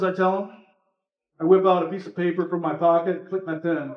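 At an indoor live reading event, a man with a slightly high voice reads a personal story aloud, relaxed and conversational, a little fast, with a few fillers between parts. He sounds muffled and distant from the mic in an echoing room.

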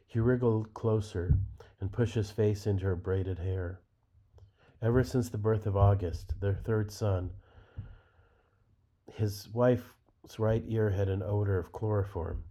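Low, mellow man reading fiction. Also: takes it slowly. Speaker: reader. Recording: dull lo-fi recording.

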